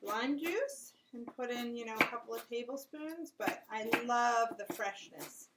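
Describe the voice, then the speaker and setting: A woman's voice: on the high side, expressive, a little slow, heavy background noise. A woman hosting a home cooking show, walking through each step of a recipe in a casual, chatty way and chatting with a child in the kitchen. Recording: loud kitchen clatter of dishes and pans.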